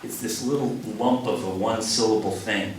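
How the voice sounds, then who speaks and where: A man in his forties, a poet, giving a poetry reading in a cafe. He tells stories in a relaxed way and acts out the lines he quotes. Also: on the low side, moderate pace, a little hiss or hum. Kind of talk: poetry reading with spoken anecdote. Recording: echoey room from a distant mic.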